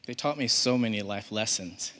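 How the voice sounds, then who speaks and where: A man reading a personal story live on a theater stage, expressive and humorous. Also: fairly low pitch, normal speed, slight background noise. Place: theater stage before an audience.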